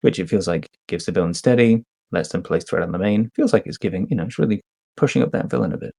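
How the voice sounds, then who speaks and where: A man co-hosting a podcast, joking and explaining things slowly with fillers. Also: low voice, creaky, warm tone. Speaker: podcast co-host. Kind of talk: casual podcast chat.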